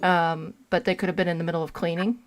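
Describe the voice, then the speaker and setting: A woman's voice: lowish voice, flat delivery, quick pace. A woman joining a casual chat, stammering and insistent as she argues her point. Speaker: caller joining a podcast.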